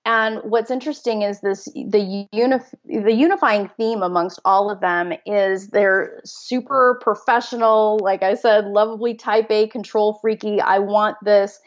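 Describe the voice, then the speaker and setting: A woman's voice: mid-range voice, fairly even intonation, unhurried, few pauses. A woman in her forties, a coach as interview guest, speaking earnestly and emphatically, often laughing as she talks. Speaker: guest, fertility mindset coach. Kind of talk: conversational interview. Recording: slightly dull lo-fi audio.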